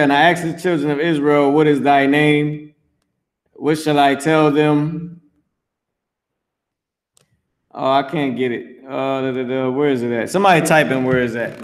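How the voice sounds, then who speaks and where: A man reading scripture aloud and commenting on it in a brash, profane, mocking way, teaching an online class. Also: mid-range voice. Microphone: streamed voice chat.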